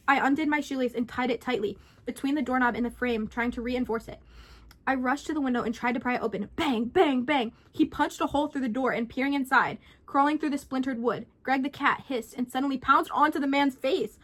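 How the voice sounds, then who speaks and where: High-voiced young woman telling a scary story. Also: fairly quick. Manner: animated, dramatic reading. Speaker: vlogger. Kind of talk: reading a scary story aloud.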